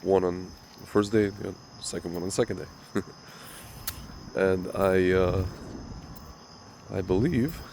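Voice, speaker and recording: A man's voice: sits low, slow, gravelly, a little mellow, slight background noise. A man hosting a casual commentary monologue who talks straight to his viewers in a rambling, opinionated way, his voice slightly nasal from a recent cold. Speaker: religious commentary host.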